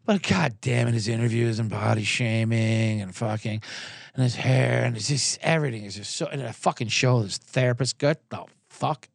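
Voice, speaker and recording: A man's voice: mid-range voice, fairly even intonation, normal speed, creaky, no room sound, clean studio sound. A man hosting a podcast, ranting sarcastically and telling profane stories with acted-out quotes. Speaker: podcast host. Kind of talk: comedic rant.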